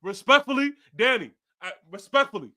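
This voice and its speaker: Fired-up high-voiced man ranting profanely. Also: lively intonation, brisk, sharp tone. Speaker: fan podcast host. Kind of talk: ranting live post-game stream.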